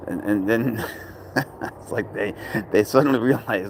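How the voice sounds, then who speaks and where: Man, low gravelly voice, easygoing rambling chat, tired, outdoors in a park with faint noise behind. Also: measured pace. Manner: easygoing, rambling, soft baby talk to his cat. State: tired from little sleep. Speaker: cat owner vlogger. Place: outdoor park with traffic nearby.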